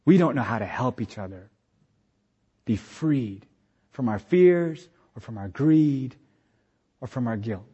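A man preaching a sermon as pastor, impassioned, moving between quiet reflection and loud exhortation. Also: medium pitch, lively intonation, unhurried, long pauses, husky, dull audio. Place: retreat meeting hall. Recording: long hall reverb.

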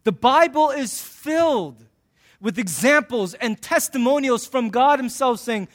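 A pastor with a very high voice delivers a sermon in a loose, conversational style. He jokes with the congregation and slips into quick acted-out scenes to make his points. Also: lively intonation. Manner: conversational and joking, acting out little scenes.

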